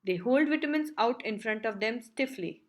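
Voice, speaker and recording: A woman reading the stage directions of a play as an audiobook narrator, clear and even. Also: a little high, moderate pace.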